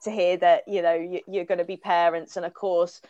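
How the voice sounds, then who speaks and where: A woman's voice: fairly low pitch, flat delivery, fairly quick, dry recording, lo-fi sound. A woman hosting a casual podcast chat, effusive and full of praise. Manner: effusive, warm praise, frequent laughter. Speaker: podcast host.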